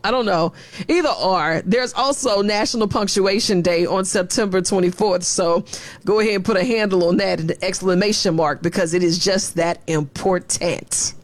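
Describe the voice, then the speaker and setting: A woman working as a radio DJ, chatting playfully between songs with a teasing, upbeat delivery. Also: medium pitch.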